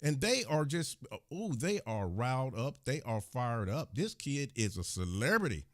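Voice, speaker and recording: A man's voice: medium pitch, sing-song, a little slow, no echo, studio quality. An angry, indignant man ranting. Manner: heated, indignant, scolding. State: agitated. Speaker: channel host. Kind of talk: angry commentary rant to the camera.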